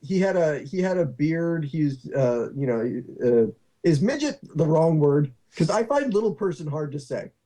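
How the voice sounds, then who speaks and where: A man hosting a casual talk show, rambling and halting with many restarts. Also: on the high side, expressive, warm tone. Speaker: podcast host. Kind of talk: casual chat.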